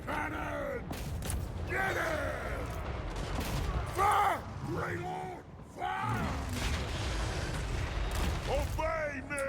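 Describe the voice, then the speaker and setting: An actor voicing gruff male dwarf warriors who shout battle orders in a video game. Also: very high voice, heavy background noise, exaggerated voice. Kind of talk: video game unit voice lines.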